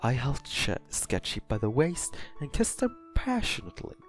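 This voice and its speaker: A man reading a fan story aloud in first person, softly and with small slips and self-corrections. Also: mid-range voice, sing-song, moderate pace, soft background music. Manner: soft, hesitant narration with slips. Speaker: story reader.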